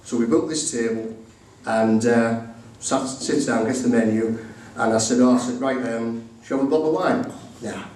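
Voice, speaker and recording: A man's voice: medium pitch, moderate pace, few pauses, a little mellow. A middle-aged man giving a humorous wedding speech as the groom, acting out both sides of each conversation. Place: indoor wedding reception room. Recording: very echoey room recorded from far off.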